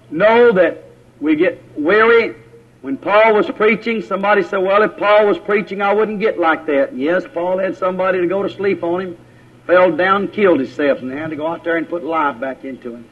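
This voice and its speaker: A man preaching a sermon, folksy and plain-spoken, his voice climbing higher when he exhorts. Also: normal speed. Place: church. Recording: lo-fi muffled old church recording.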